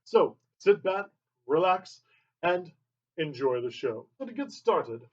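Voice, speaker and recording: A man's voice: a little high, sing-song, slow pace. A man introducing a leatherworking demo, boasting grandly and then poking fun at himself. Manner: grandiose then self-deprecating. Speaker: leatherworking demonstrator. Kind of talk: self-mocking show introduction. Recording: dull lo-fi audio.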